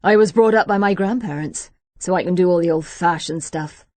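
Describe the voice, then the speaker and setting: A woman's voice: fairly low pitch, fairly quick, a little mellow, dry recording, lightly acted. A woman voicing a friendly young man, eager and chatty.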